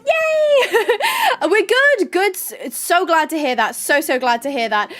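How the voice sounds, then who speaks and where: A woman's voice: high-pitched, very animated, normal speed, fairly bright tone, soft background music. A young woman hosting a casual livestream from her room, reading chat messages aloud in a bubbly, chatty way and laughing often. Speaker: livestream host. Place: bedroom.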